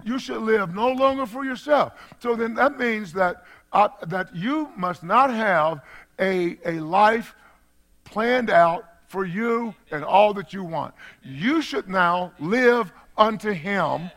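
An older man preaches with a high, bright voice that cuts through. He is folksy and repeats his phrases, chuckling here and there. He moves from quiet, confiding asides to ringing shouts. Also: expressive, slow. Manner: swings from hushed asides to shouted exclamations. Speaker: pastor. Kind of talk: sermon.

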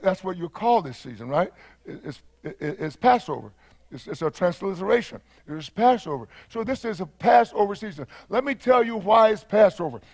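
A high-voiced man with a Texan accent preaches a sermon as a pastor. He talks fervently, repeats his key phrases, and builds toward shouted climaxes. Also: gravelly.

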